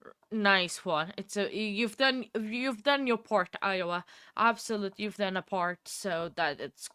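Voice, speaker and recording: A young woman hosting a livestream, chatting casually with viewers, laughing often and filling pauses with ums. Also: medium pitch, bright, forceful tone, clean tone, no echo, studio quality. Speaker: livestream host. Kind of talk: casual chat with live viewers.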